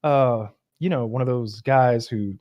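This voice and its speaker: A man's voice: mid-range voice, a little slow, lo-fi sound, lightly acted. A man putting on an awkward guy who stammers and circles around words he will not say. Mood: fumbling.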